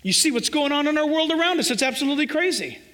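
A man's voice: very high voice, animated, fast, a bit bright. A man from Southern California preaching a sermon, emphatic and conversational, acting out little scenes as he goes. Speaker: pastor. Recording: preacher in a reverberant hall.

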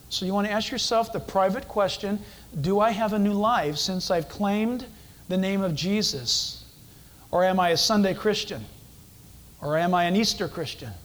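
A man's voice: high voice, rough recording. A man preaching a sermon as pastor, emphatic and repetitive, firing rhetorical questions at the congregation.

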